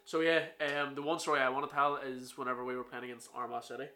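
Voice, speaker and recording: A man's voice: mid-range voice, fairly even intonation, fast, bright, forceful tone. A Northern Irish man in his twenties hosting a podcast, chatting casually and joking with a friend. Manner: jokey, chatty, tangents with fillers. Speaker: podcast host. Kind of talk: casual chat.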